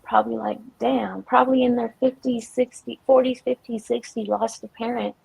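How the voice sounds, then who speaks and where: A woman's voice: on the high side, fairly even intonation, moderate pace, vocal fry, darkish tone, husky, dry recording, low-quality recording. A woman hosting a casual livestream chat from her home office. She is blunt, swears freely, and is shivering from the cold.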